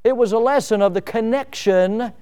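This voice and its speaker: High, smooth-voiced man preaching. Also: moderate pace. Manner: preaching with swelling emphasis and soft drops. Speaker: pastor. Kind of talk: sermon.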